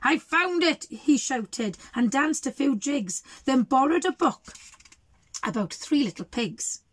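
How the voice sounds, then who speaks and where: A woman teacher reading a picture book aloud to children, pausing to ask them questions. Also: high voice, lively intonation, husky, no echo.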